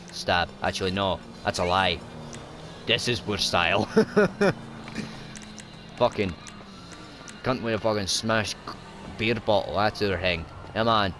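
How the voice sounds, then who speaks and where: A man's voice: on the low side, expressive, takes it slowly, pauses often, soft background music. A young Scottish man with a Scottish accent, giving sweary, rowdy commentary over his gameplay. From Scotland. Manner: sweary, rowdy, shouts at the game. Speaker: gaming YouTuber.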